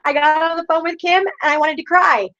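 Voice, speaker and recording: A woman's voice: extremely high pitch, steady tone, a little fast, pushed and bright. A woman in her thirties leading her sales team over a video call, rousing them with repeated rhetorical questions. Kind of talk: motivational pep talk. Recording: dull lo-fi online video call.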